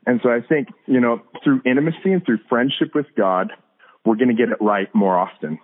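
A man's voice: medium pitch, a little fast. A man talking earnestly as a podcast guest about hearing God, with frequent restarts and fillers. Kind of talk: casual faith talk. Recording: tinny phone-like line.

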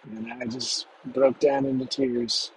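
Male storyteller, young adult, hushed emotional delivery, faint noise behind. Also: medium pitch, flat delivery, low-quality recording. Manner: slow, emotional, hushed retelling. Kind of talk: personal storytelling.

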